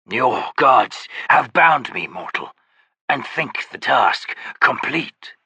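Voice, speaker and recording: A man voicing a broken, chained male creature in an audiobook, with a rasping, wheezing voice and a slow, menacing way of talking. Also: medium pitch, animated, pushed and bright, no echo, dull audio, full character voice. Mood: bitter.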